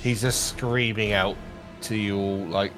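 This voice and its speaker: A man's voice: lowish voice, steady tone, a little slow, over music. A man narrating a tabletop game as game master, describing scenes to the players.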